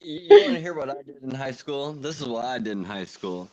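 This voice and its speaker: A man hosting a late-night call-in show, easygoing and halting as he talks. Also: medium pitch, huge pitch swings, gravelly, lo-fi sound, a crowd in the background. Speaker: host.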